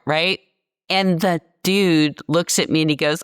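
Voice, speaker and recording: Deep-voiced lady in her 60s from virginia, blunt and fired up, dry close sound. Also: unhurried, clean tone, dry recording. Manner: passionate, blunt, animated storytelling. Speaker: guest. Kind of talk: candid podcast interview.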